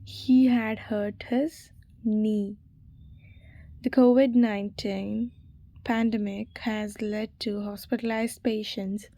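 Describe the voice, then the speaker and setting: A woman reads exam revision questions and their answers in an unhurried, steady delivery. Her voice sits a little high but sounds mellow and soft. She spells key words out letter by letter. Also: dry recording. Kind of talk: reading quiz questions and answers.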